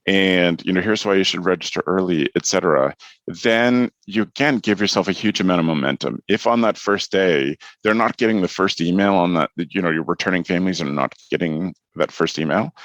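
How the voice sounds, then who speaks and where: Deep-voiced man with a dry, close sound. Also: dry recording. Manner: candid, storytelling, mildly profane. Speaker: podcast host. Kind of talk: casual podcast chat.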